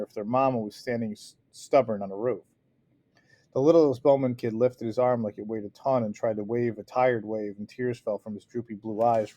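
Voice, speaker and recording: A man's voice: medium pitch, warm tone. Man reading a novel aloud with slips. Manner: unpolished reading with restarts and slips. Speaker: audiobook reader.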